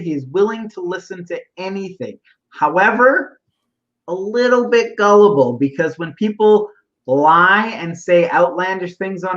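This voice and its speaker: A man's voice: high voice, a bit bright, lo-fi sound. A man co-hosting a podcast in casual chat, talkative and explaining at length. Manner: talkative, explaining, mock-quoting. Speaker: podcast co-host.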